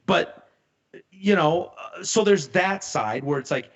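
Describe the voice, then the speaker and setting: A man co-hosting a casual podcast, retelling a story with animated delivery and acting out the voices of the people in it. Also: high-pitched, takes it slowly. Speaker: podcast co-host.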